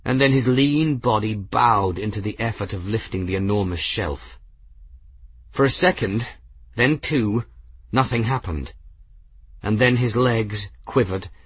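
Low husky male audiobook narrator. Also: dry recording, low-quality recording.

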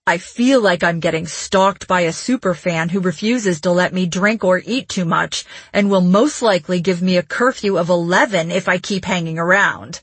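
A woman's voice: lowish voice, moderate pace, few pauses, husky, no echo. A woman reading as a curt, irritable man. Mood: irritated. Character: irritable, evasive young man.

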